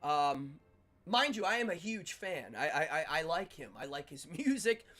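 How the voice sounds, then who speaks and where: Animated middle-aged man telling stories. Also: fairly high pitch, normal speed. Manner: animated, laughs often, acts out quotes. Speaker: livestream host. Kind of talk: casual storytelling chat.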